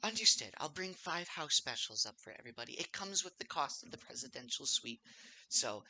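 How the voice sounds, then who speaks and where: A man voicing a kindly, sweet older barmaid woman who talks softly and dotes on her guests, in a home tabletop game. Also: on the high side, expressive, fairly quick, vocal fry, a little hiss or hum, full character voice. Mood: doting. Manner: soft, doting, calls people sweetheart.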